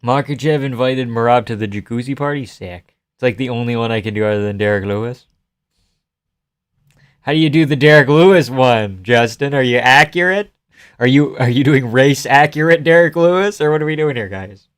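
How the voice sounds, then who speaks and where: A man's voice: medium pitch, brisk, clear, resonant tone. Male streamer, casual fight reactions, offhand, cracks jokes, curses freely. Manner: offhand, joking, swears freely. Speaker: live streamer.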